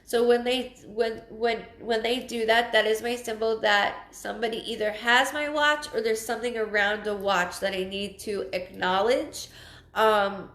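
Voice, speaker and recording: A woman giving a live psychic reading, earnest and emotional, halting and often restarting her sentences. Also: a little high, fairly even intonation, fairly bright tone, echoey room. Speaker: psychic medium. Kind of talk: live-streamed spirit reading.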